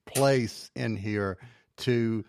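Slow-talking man hosting a podcast. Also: lowish voice, darkish tone, a little hiss or hum. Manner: unhurried, steers the talk with questions. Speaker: podcast host. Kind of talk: casual chat.

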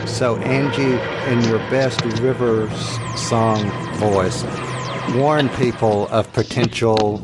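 A man hosting a podcast in easygoing chat, asking his guest questions. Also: on the low side. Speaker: podcast host. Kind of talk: casual chat.

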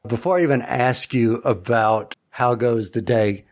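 A man's voice: mid-range voice, unhurried. A man hosting a casual discussion podcast, often stumbling and repeating his words. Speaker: podcast host.

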